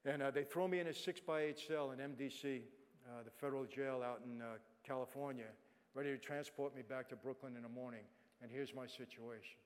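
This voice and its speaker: A middle-aged man giving a personal testimony to an audience, swinging from hushed to loud, emphatic passages. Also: medium pitch, fairly even intonation, a little fast. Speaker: guest speaker. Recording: long hall reverb.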